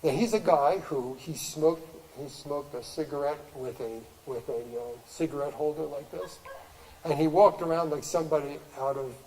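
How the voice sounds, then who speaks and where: A man's voice: a little high, moderate pace, a little mellow, in a large hall, rough recording. An older man giving a talk to an audience at a gallery, telling stories in a rambling way with many restarts and fillers and frequent laughs.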